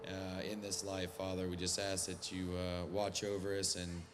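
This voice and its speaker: A man leading a closing spoken prayer for a gathering in a large tent, halting, with many pauses. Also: deep voice, monotone, big-room sound, noisy background.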